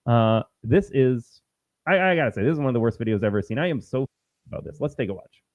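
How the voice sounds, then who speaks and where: Male livestream host, emphatic and combative, swooping pitch, dry close sound. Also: lively intonation, rapid-fire, dry recording, dull audio. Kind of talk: political commentary livestream.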